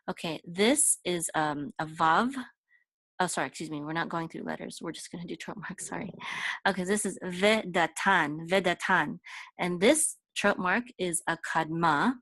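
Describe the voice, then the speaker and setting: A woman teaching Torah chanting in an informal lesson, explaining patiently and breaking into short sung examples. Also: no echo. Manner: explains slowly, then sings chanted examples higher and louder.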